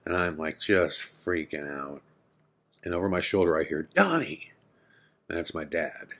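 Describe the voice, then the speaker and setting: A man's voice: rumbling low, fairly even intonation, moderate pace. A man hosting a podcast, telling a true personal story in an intense, earnest way. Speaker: podcast host.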